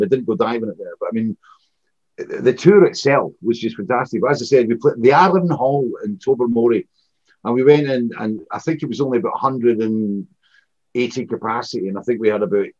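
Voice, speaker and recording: A man's voice: lowish voice, darkish tone, husky. A Scottish man in his sixties, a former rock frontman, telling rambling anecdotes with many restarts in a casual interview. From Scotland. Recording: dull lo-fi recording.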